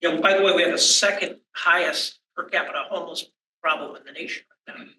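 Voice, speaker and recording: Panelist, male, bright and high-ish, halting delivery, distant echoey room. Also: steady tone, a little hiss or hum. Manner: halting, many restarts. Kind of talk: panel discussion.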